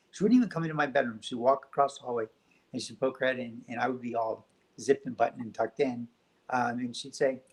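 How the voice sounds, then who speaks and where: Gentle reflective man telling stories. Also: medium pitch, poor audio. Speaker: guest. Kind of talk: spiritual talk show conversation.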